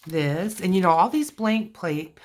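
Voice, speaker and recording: Low, slow-talking woman crafter. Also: animated. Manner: chatty, talks to herself while working. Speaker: crafting video host. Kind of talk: casual crafting walkthrough.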